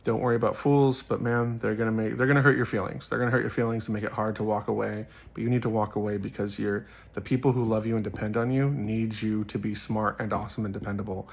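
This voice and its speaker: A man's voice: fairly low pitch, steady tone, fast talker, creaky, hardly any pauses, husky. A man giving a casual Bible teaching, earnest and rambling, telling personal stories and repeating phrases for emphasis.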